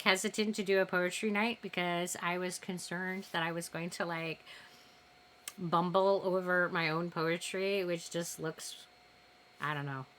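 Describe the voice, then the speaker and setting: A woman's voice: medium pitch, pushed and bright. A woman streamer chatting casually between poem readings, giggly and self-deprecating, rambling a little. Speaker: streamer hosting a poetry night. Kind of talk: casual live-stream chat.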